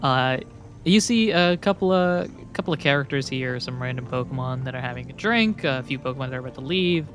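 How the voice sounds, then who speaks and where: A man's voice: medium pitch, expressive, brisk, fairly bright tone. A man running a tabletop game as game master, rambling and joking as he narrates. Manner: rambling, joking, laughs often.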